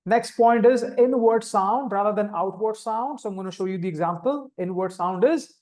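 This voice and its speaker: Calm Indian-accented man teaching meditation. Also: high-pitched, moderate pace. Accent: Indian English. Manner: calm, step-by-step instructing, demonstrating vocal sounds. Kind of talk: live online meditation instruction.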